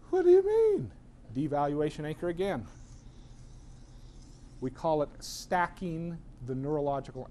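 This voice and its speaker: A middle-aged man giving a personal-growth lecture to an audience, telling stories animatedly and acting out other people's voices. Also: fairly high pitch. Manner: animated storyteller who acts out voices. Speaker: seminar speaker.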